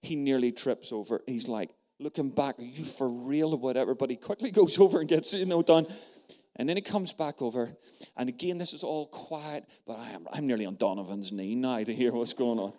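A male preacher delivering a storytelling sermon. He talks to the congregation with punchy emphasis and sometimes drops to a hushed voice to draw listeners in. His voice sits at an everyday middle pitch. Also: brisk. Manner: emphatic and animated, dropping to a hush in stories.

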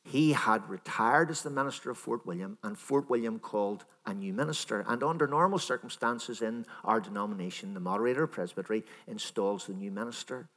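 A minister giving a sermon in a conversational, storytelling manner, voicing imagined dialogue. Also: male voice, mid-range voice, fairly bright tone, long reverb tail.

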